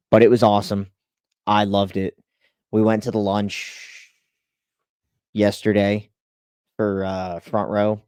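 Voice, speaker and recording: Lively low-voiced man telling a story. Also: dry recording, studio quality. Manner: animated, acts out quotes, lots of "like" and "you know". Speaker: race team spotter. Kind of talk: casual storytelling.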